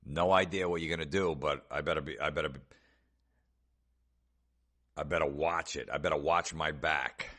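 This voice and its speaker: Very deep-voiced sarcastic male comedian. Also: steady tone, moderate pace, long pauses, bright, forceful tone. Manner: sarcastic, profane mockery. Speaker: comedian host. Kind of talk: comedic podcast rant.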